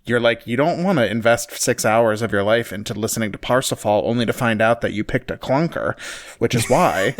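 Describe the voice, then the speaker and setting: A man's voice: medium pitch, brisk. A man co-hosting an opera talk podcast, joking playfully and laughing mid-sentence in casual chat. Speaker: podcast co-host.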